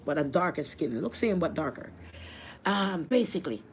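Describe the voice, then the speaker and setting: A woman's voice: deep voice, sing-song, normal speed, slight background noise. A woman with a Jamaican accent telling a personal testimony, emotional and repetitive, with religious appeals. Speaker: vlogger.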